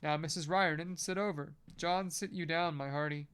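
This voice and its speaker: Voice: mid-range voice, steady tone, normal speed, a bit bright, slight background noise, lightly acted. A reader with an American accent voicing a jovial middle-aged father in a novel, hearty and bantering, in close to their own voice.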